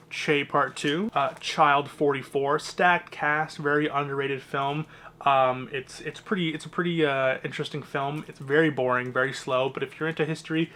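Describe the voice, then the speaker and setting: A young man with a voice that sits a little on the high side. He talks in a loose, rambling way, tossing out opinionated asides as he moves from one item to the next. His delivery is casual and conversational, like an unscripted home vlog. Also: pushed and bright. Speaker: movie collector vlogger. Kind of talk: casual collection walkthrough.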